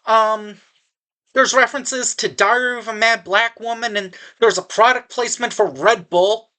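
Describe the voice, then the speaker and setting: A woman's voice: fairly high pitch, fairly even intonation, normal speed, bright, forceful tone. A woman giving a casual spoken movie review, sarcastic and exasperated, rambling with frequent restarts.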